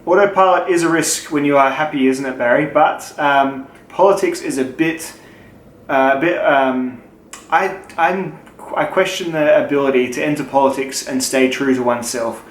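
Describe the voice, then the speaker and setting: A man's voice: mid-range voice, normal speed. A young Australian man answering viewer questions in a loose, joking way, swearing freely. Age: young adult. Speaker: channel host. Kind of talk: casual Q&A chat. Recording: echoey room with faint noise.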